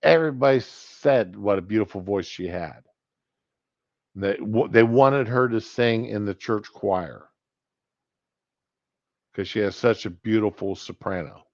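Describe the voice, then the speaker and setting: A man's voice: fairly low pitch, a little slow, pauses often, a little mellow, no echo. A man in his fifties telling a rambling personal anecdote, correcting himself as he goes on a casual talk show. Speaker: podcast host. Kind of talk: casual storytelling monologue. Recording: dull lo-fi sound.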